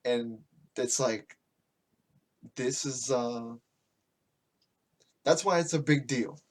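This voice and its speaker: A man's voice: medium pitch, slow pace. A man from the United States hosting a podcast, ranting casually with lots of swearing, restarts and rambling asides. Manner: profane, rambling, with frequent restarts. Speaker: podcast host. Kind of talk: casual political rant.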